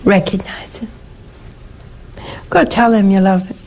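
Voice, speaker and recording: An older woman, a nun hosting a call-in show, teaching faith in a slow, gentle, emphatic way with rhetorical questions. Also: medium pitch, steady tone, low-quality recording. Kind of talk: religious teaching and call-in advice.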